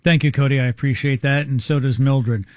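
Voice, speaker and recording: A male radio show host making an on-air sales pitch, urgent and salesy, repeating key numbers slowly. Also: steady tone, dry recording, clean studio sound.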